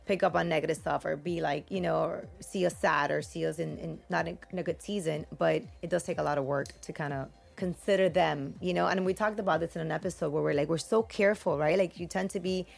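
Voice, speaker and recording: Gravelly-voiced woman musing on parenting. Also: sits low, fairly quick, hardly any pauses, faint music behind. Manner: reflective, rambling, many fillers. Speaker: mother on a parenting podcast panel. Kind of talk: casual podcast conversation.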